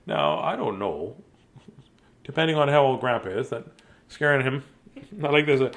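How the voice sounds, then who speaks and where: With a medium-pitched, fairly bright voice, a man reads children's books aloud as a bedtime story host, joking and laughing between pages in a playful, chatty way. He keeps a moderate pace and leaves long pauses.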